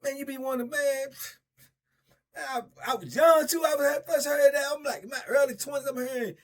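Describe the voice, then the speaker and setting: A middle-aged man hosts casual storytelling, spinning tales in a relaxed, drawling manner and laughing often. His voice is very high and his pace fairly quick.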